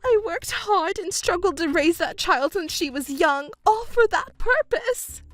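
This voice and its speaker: A woman's voice: lively intonation, unhurried, fairly bright tone, faint music behind, heavily acted. A woman voicing a selfish, whiny middle-aged stepmother who pleads and complains in a texting story. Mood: desperate. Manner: shrill, pleading and self-pitying.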